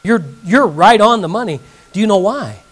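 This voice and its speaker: A man's voice: high-pitched, animated, moderate pace, poor audio. A male pastor teaching an evening Bible lesson, reading scripture aloud and putting questions to his audience.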